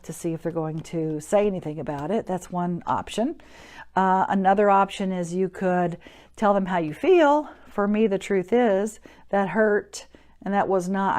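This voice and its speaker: A woman's voice: on the low side, a little mellow. A woman hosting a live-streamed talk, teaching in an encouraging, chatty way and greeting viewers by name. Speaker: host.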